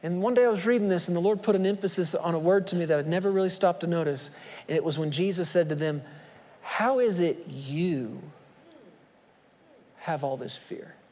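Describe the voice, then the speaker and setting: A man's voice: high-pitched, fast talker, a little mellow. A man preaching a sermon from the pulpit, emphatic, posing rhetorical questions to the congregation. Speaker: pastor. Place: church sanctuary. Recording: long reverb of a church hall.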